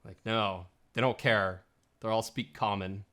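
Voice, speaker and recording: Bright-voiced, low man chatting casually. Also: unhurried. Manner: chatty and animated, laughs often, heavy use of "like". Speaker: podcast co-host. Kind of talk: casual film-discussion chat.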